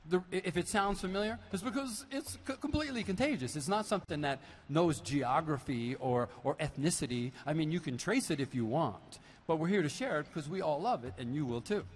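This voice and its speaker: A man, a percussionist, talks to a concert audience between songs, telling stories with animated, playful asides through a stage microphone in a large arena. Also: on the high side, fairly quick, few pauses. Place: large basketball arena used as a concert hall. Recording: live hall recording with long reverb and faint noise.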